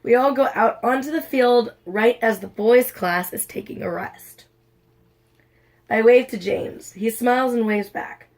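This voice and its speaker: A woman's voice: a little high, a little slow. A young woman casually reading a fan-fiction story aloud, doing the characters' lines in livelier voices. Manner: reads all parts, lively quoted voices. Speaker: audiobook reader.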